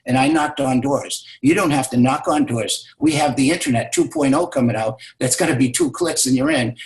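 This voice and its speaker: A man speaking as a business mentor, telling a motivational story emphatically and repeating key words for stress. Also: medium pitch. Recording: roomy echo.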